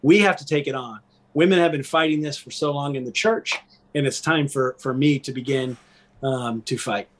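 A middle-aged man and former pastor talking candidly as a podcast guest, earnest and animated, often checking in with "right?". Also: mid-range voice, moderate pace. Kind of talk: candid conversational interview.

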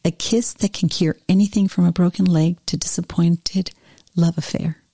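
Woman reading God as a proud tireless creator, gravelly dark voice, slow. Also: lowish voice, steady tone, no echo. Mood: earnest.

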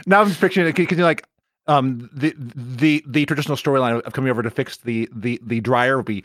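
A man's voice: mid-range voice, fast, a bit bright, dry recording, studio quality. A man co-hosting a casual geek news show, often stammering and repeating words. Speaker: podcast co-host.

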